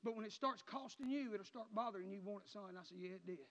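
A man preaching a sermon in a church, swinging between shouted passages and low, quiet murmurs. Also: fast talker. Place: church sanctuary. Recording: muffled sound with long hall reverb.

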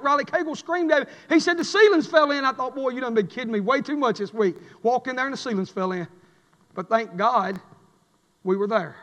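A man preaching a fiery sermon, chanting and swinging between shouted lines and a low drawl. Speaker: pastor. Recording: echoey church hall.

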